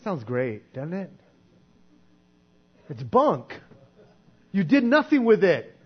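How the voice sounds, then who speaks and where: A man preaching a sermon in a conversational way, sometimes acting out quoted voices and dropping to a soft hush. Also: high-pitched, wildly swooping pitch, takes it slowly, husky. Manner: conversational, acts out quoted voices, drops to soft hushed tones. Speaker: pastor. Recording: dull lo-fi sound with mains hum.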